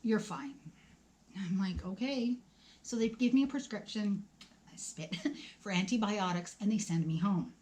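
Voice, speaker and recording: A woman's voice: medium pitch, lively intonation, measured pace, pauses often, darkish tone. A woman in her forties telling a personal story to the camera in a conversational, emotional way, acting out the dialogue and dropping to a whisper at times. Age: 40s. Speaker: vlogger.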